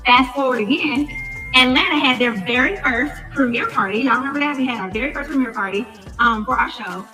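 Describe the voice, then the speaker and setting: A woman podcaster telling a story in a casual rant, animated, acting out the lines of the people she quotes. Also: high voice, fairly quick, music in the background, low-quality recording. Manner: animated, acts out quoted dialogue. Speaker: podcast host.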